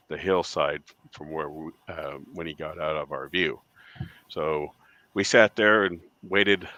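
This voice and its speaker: A man's voice: sits low, bright, forceful tone. A man from the United States, a guest in an interview, telling a long story and acting out the voices of people in it. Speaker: guest, Bigfoot witness.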